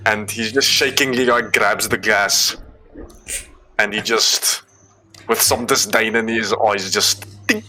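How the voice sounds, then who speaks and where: A man player describing his character's actions in a halting, hesitant way. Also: lowish voice, fairly even intonation, bright, forceful tone, low-quality recording.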